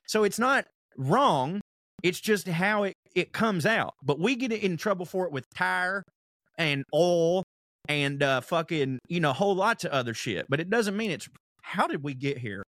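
Male podcast co-host, rambling and profane, slightly raised pitch. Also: expressive, moderate pace, a bit bright, dry recording, studio quality. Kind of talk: casual comedic chat.

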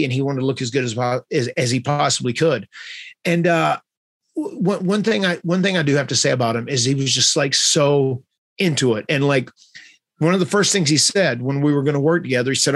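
On the high side, a man's voice comes through with no room sound as he hosts a podcast. He narrates stories with energy, mimicking how others spoke when quoting them.

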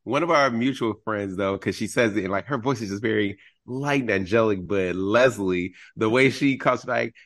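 A man's voice: on the low side, moderate pace, hardly any pauses, a bit bright, no echo. A man co-hosting a podcast, laid-back and casual with dry humor. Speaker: podcast co-host. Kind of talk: casual chat.

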